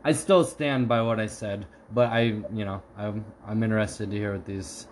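A man's voice: lowish voice, steady tone, moderate pace, low-quality recording. Guy cohosting a podcast, jokey, making up silly stories, faint background noise. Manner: joking, improvises mock stories. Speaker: podcast co-host. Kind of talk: casual chat.

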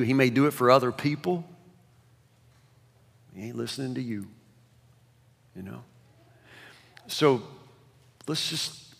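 A man preaching a sermon, swinging between loud emphasis and hushed asides, often repeating words. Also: medium pitch. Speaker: pastor. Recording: long reverb of a large hall.

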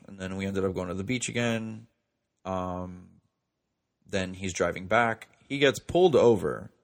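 Young man, low-pitched, casual profane storyteller, chatty and filler-heavy.

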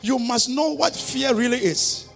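A man's voice: very high-pitched, a little slow, creaky, a bit bright, soft background music. A male pastor preaching a fervent sermon, calling on listeners to repeat declarations after him.

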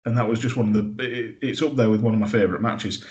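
A man in casual chat, talking in a relaxed, reflective way. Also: fairly low pitch, fast talker, highs cut off.

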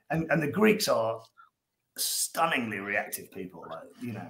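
A man's voice: a little high, fairly quick, gravelly, bright, forceful tone, reverberant. A man with an Irish accent, a guest on a casual podcast, talking in a rambling way, stumbling over repeated words and acting out little scenes. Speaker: guest, dog behaviour coach.

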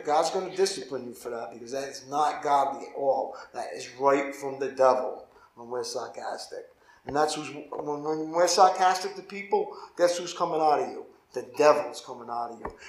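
A man, a pastor, teaching a Bible study in an informal, conversational way and often asking his listeners "right?". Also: medium pitch. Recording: echoey room.

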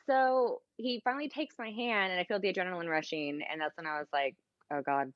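A woman's voice: mid-range voice, fast talker, dry recording, lo-fi sound. Chatty young woman telling a story. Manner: animated, acts out quoted dialogue, heavy use of "like". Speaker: podcast guest. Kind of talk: casual chat, storytelling.

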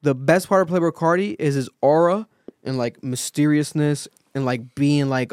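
A male podcast host in casual chat, telling a story with lively acted-out quotes and plenty of swearing. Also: fairly high pitch, moderate pace, clear, resonant tone, dry recording, studio quality. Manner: animated storytelling, acts out quotes, swears freely.

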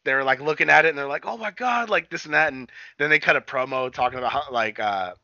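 A man's voice: mid-range voice, fast talker, sharp tone, no echo. A man co-hosting a casual wrestling recap podcast, rambling and swearing, full of fillers and restarts. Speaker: podcast co-host. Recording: dull lo-fi sound.

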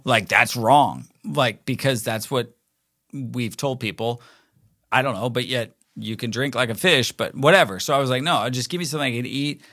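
A middle-aged man spins a loose, rambling anecdote, trips over his words and slips into quick impressions of the people he met. His voice sits at an everyday middle pitch. The sound is close and dry, with no room around it. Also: fairly bright tone, dry recording. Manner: rambling, filler-heavy, acts out quoted voices. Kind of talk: casual anecdotal storytelling.

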